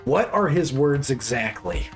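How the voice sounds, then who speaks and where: Animated rambling male game master. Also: mid-range voice, measured pace. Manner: rambling, full of "like" and "you know", animated. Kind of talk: narrating a tabletop game. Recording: faint background music.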